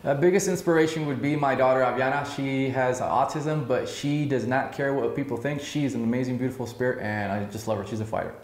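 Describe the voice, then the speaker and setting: A man in his thirties answering rapid-fire questions, upbeat and emphatic, with frequent filler sounds. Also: mid-range voice, roomy sound. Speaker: real estate broker interviewee.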